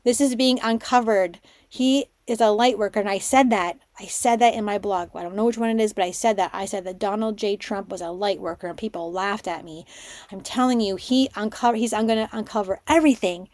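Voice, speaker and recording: A woman hosting a spiritual podcast, telling stories in an excitable, rambling way and dropping to a hush for her inner thoughts. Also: medium pitch, fairly quick, no room sound. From Canada. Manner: excitable storytelling, drops to a hushed voice for her own thoughts. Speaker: podcast host, spiritual mentor. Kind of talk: casual monologue podcast.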